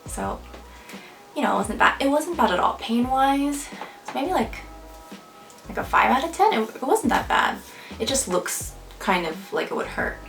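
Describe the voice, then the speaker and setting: A woman's voice: high-pitched, very animated, moderate pace, vocal fry, pauses often, a bit bright. A young woman in casual vlog talk to camera, chatty and filling her speech with "like" and "um". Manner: chatty, many fillers like "like" and "um". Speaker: vlogger. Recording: echoey room, a bit far from the mic, faint music.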